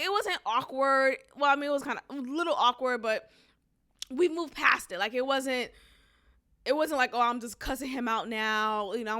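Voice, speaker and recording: A young woman hosts a podcast, telling a personal story in a casual, animated way. Her voice is bright and a little high. She acts out what people said and laughs along the way. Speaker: podcast host.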